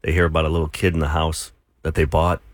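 A man's voice: rumbling low, completely flat delivery, quick pace, no echo. A man co-hosting a morning radio show, easygoing and joking. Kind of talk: casual morning radio banter.

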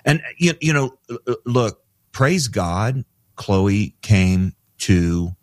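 Deep-voiced male radio guest. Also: expressive, slow, no room sound, clean studio sound. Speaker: guest, organization president. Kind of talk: talk radio interview.

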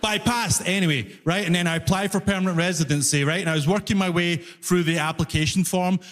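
A Scottish comedian from Glasgow works the room in a stand-up set, and his voice sits high for a man. He tells his stories animatedly and drops into little voiced asides. The sound carries a long, live hall reverb. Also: fast, a bit bright. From Scotland. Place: comedy club stage with audience.

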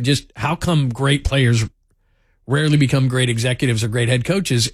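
A man's voice: medium pitch, dry recording, studio quality. A man hosting a sports talk radio show, telling stories in a chatty way with lots of fillers. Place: radio studio. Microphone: studio microphone.

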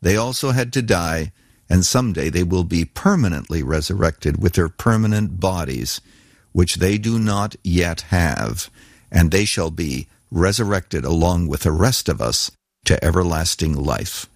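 A man pastor answering a listener's question in a deliberate teaching delivery. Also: sits low, animated, creaky, no room sound, studio quality. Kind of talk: sermon-style explanation.

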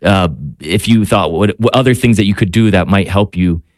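Priest guest, man, fairly low voice, halting and thoughtful, dry studio. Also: a little mellow, dry recording. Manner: halting, searching for words with many restarts. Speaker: priest and spiritual director guest. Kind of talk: radio talk show conversation.

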